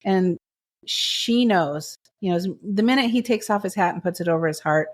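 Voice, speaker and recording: Woman, podcast co-host, casual chat, gushing and emotional, mid-pitched voice. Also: moderate pace.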